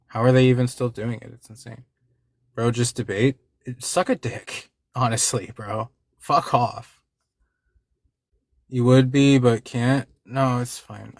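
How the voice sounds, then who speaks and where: A man's voice: mid-range voice, dry recording. A man hosting a livestream, talking casually and with frustration to his chat, swearing and repeating himself. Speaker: livestream host.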